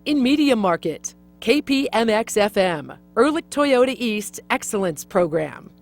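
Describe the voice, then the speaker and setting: A woman's voice: fairly high pitch, unhurried, soft background music. A woman presenting awards, formally reading out categories and winners. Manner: even, formal announcing.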